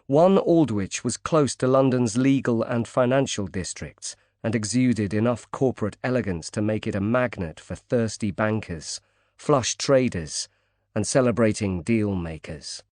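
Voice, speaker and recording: A man narrating a thriller audiobook in a measured, even reading. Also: lowish voice, no echo, studio quality. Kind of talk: scripted narration.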